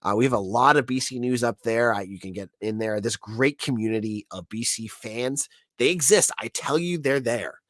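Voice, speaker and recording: A man's voice: mid-range voice, normal speed, hardly any pauses, no echo, clean studio sound. A man hosting a sports podcast with a sick, nasal voice, chatting casually and often restarting his sentences. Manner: lively, restarts often, speaks straight to the audience. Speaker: podcast host.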